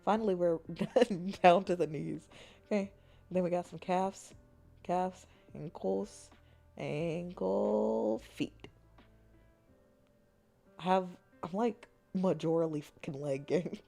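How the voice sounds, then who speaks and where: A woman streamer chatting casually with her viewers, playful and often slipping into soft whispers. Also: lowish voice, slow, pauses often, soft background music. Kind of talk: casual chat.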